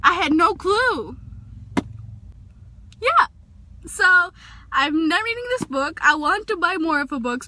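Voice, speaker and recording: A young woman casually reviewing a book in a vlog, talking emotionally and gushing, recorded on a phone in a parked car. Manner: gushing and emotional, pitch jumping up when excited. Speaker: vlogger.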